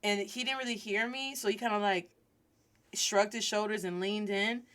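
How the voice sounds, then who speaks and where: A woman's voice: mid-range voice, normal speed. A woman in her thirties hosting a podcast, telling a story as a Spanish lesson and mixing Spanish into her English. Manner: animated, switches between Spanish and English. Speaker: podcast host.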